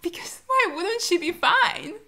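A woman's voice: very high-pitched, expressive, a little slow, vocal fry, pushed and bright. A young woman reacting to a show while crying, distraught and pleading in disbelief, swearing now and then. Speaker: reaction video host. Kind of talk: emotional reaction commentary.

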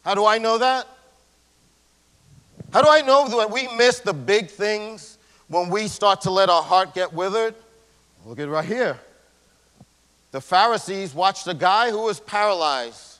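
A male pastor giving a sermon in a casual, slangy way, swinging between loud emphasis and hushed near-whispers. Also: high voice, unhurried, pauses often. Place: church sanctuary. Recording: long church hall reverb.

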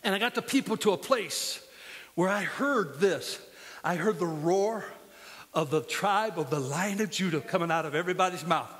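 A man's voice: sits high, lively intonation, normal speed, a bit bright, long reverb tail. A man preaching a sermon as pastor, impassioned and full of storytelling, in a church sanctuary.

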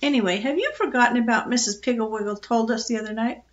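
An older woman voicing a bossy, sharp-tongued female farm bird who scolds everyone in a storybook reading. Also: fairly high pitch, fast, lo-fi sound, natural voice. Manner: scolding, no-nonsense.

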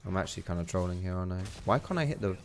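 A young man giving casual, excitable gameplay commentary, chatty and swearing freely. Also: sits low, very fast, background noise. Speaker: gaming YouTuber.

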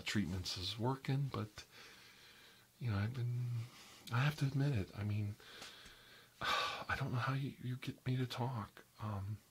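A man voicing a chatty, oversharing interior decorator in a whispered role-play, rambling and gossiping with sudden high squeals and soft asides. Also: slight background noise, natural voice. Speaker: ASMR role-play creator.

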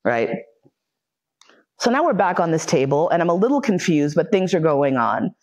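A woman's voice: fairly low pitch, big pitch swings, moderate pace, darkish tone. Frank, profane woman telling a story. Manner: frank and profane, acts out quoted voices. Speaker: lecturer. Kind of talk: personal storytelling in a lecture.

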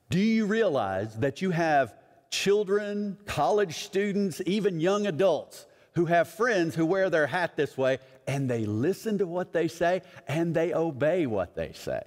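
A man's voice: on the high side, lively intonation, a little slow, a little mellow, in a large hall. A middle-aged man preaching a sermon as a pastor, conversational and acting out other people's voices in his stories.

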